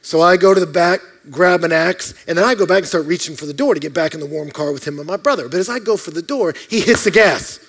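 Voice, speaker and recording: Male pastor, high voice, lively storytelling sermon, loud-to-soft swings. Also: fast talker, hardly any pauses.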